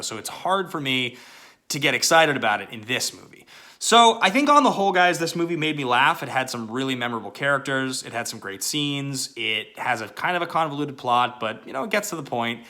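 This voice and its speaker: Bright-voiced male movie reviewer. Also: medium pitch. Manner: chatty, loose, lots of fillers and asides. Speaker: movie reviewer, channel host. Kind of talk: casual spoken movie review.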